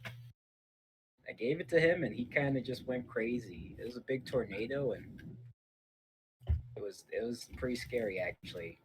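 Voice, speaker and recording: A man's voice: mid-range voice, unhurried, long pauses, a little hiss or hum, poor audio. A man playing his character in a tabletop game, joking and boasting with the game master. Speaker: player. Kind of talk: in-character tabletop role-play.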